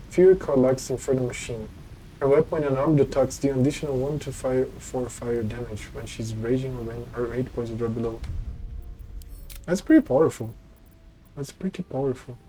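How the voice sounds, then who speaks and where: A man's voice: medium pitch, steady tone, moderate pace, dark tone, a little hiss or hum, poor audio. A young man streaming a video game, chatting casually, swearing and reading item text aloud. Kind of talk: casual gameplay commentary.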